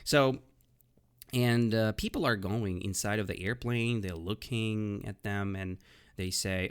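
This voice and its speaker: A man with a low voice teaches English vocabulary in a casual podcast lesson. His pitch swings widely as he explains. He hesitates often and keeps asking the listener "right?". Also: animated, measured pace, smooth. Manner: explains with frequent "right?" and "okay?" checks; hesitant, with many "uh" and "um" fillers.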